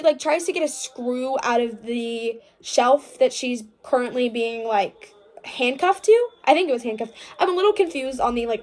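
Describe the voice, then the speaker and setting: High-voiced chatty young woman vlogger. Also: darkish tone. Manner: chatty and gushing, with many "like" fillers; dramatic mock outrage. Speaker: book vlogger. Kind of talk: casual book recap.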